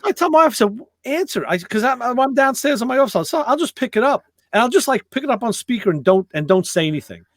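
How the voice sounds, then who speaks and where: Animated high-voiced man. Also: fast, hardly any pauses, no echo. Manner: animated, acts out dialogue in voices. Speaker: podcast host. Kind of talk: casual storytelling chat.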